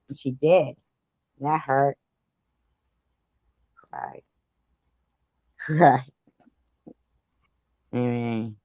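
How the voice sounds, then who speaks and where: A man's voice: medium pitch, no echo, lo-fi sound. A man hosting a live stream, rambling through a story in casual chat with lots of fillers and the odd swear word.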